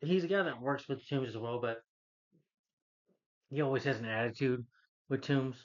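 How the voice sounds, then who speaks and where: A man giving a casual, rambling movie review, retelling the plot with many fillers and putting on higher voices for the characters. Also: moderate pace, highs cut off. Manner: loose, filler-heavy retelling that jumps up in pitch for quoted characters.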